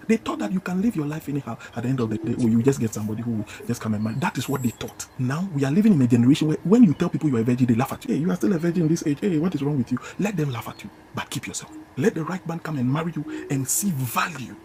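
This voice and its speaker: A man preaches with a Ghanaian English accent in a rapid, swooping, emphatic delivery, hammering home his points by repeating them. His voice sits fairly high but sounds dark and mellow, and he lectures a live congregation in a church. Faint noise lies under the recording. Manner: emphatic, repeats phrases, scolds listeners directly. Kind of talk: fiery sermon.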